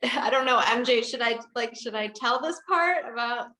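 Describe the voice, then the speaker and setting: A woman dentist in her forties telling a long story in an interview, animated, laughing, acting out the people she quotes. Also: on the high side, moderate pace, reverberant, rough recording. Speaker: dentist guest.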